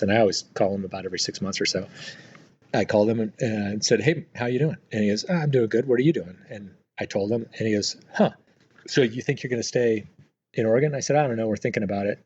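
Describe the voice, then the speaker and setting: Middle-aged guest, husky and low-voiced, easygoing storyteller on a dull lo-fi remote line. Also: male voice. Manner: relaxed, rambling, frequent fillers and restarts. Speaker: guest, retired Marine aviator. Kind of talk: casual storytelling interview.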